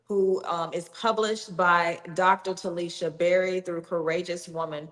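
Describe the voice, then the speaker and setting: Upbeat lady host pushing a book on a livestream, lowish voice, a bit of long echo. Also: steady tone, measured pace, fairly bright tone. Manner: upbeat, encouraging, salesy. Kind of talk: hosting a live book promotion.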